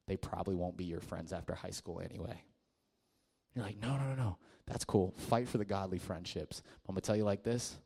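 Youth pastor guy preaching casual, kinda low voice, talks like he's chatting with teens. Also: vocal fry. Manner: casual and conversational, with fillers and restarts; drops to a quiet, hushed voice in the story. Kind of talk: sermon to a youth group.

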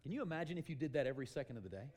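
A man preaching a sermon in an animated way, acting out little scenes, calling for amens and sometimes shouting. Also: medium pitch, racing, a little hiss or hum. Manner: animated, shouts for emphasis and acts out quotes; calls for amen often.

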